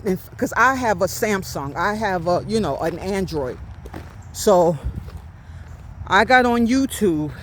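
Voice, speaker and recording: Slow-talking woman confiding on a walk. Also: medium pitch, slight background noise. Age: 50s. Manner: confiding, with frequent "right?" check-ins. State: slightly out of breath. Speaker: vlogger. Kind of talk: casual storytelling while walking. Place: outdoors on a walk.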